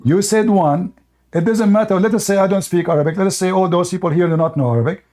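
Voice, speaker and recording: A high-voiced man hosts a heated online debate. He is mocking and combative and talks right over his opponent. He keeps pressing his point. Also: fast talker, darkish tone. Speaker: debate host. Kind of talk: heated live-stream debate.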